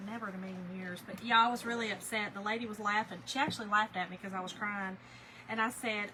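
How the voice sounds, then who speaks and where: A woman hosting a crafting livestream, chatting with viewers in an animated, storytelling way while she works. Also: mid-range voice, fast talker, slight background noise, rough recording. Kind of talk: casual chat while crafting, reading viewer comments.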